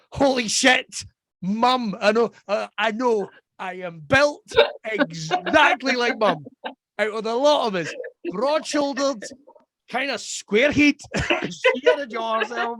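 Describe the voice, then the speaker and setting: A man's voice: very high voice, a bit bright, dry recording. A man hosting a podcast, telling stories boisterously, swearing and laughing often. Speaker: podcast host. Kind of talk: casual chat.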